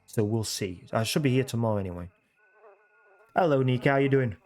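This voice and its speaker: A man's voice: medium pitch, animated, fairly quick, darkish tone. Chatty man streaming from home. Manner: chatty, repeats phrases, self-correcting. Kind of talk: casual livestream chat. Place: home room at a computer.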